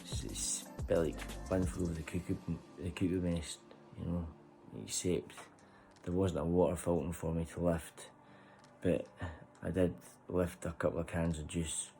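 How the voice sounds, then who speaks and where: Gravelly low-voiced man. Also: level tone, normal speed, dark tone, soft background music, rough recording. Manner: loose, chuckling, swears freely. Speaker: vlogger. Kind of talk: rambling personal storytelling.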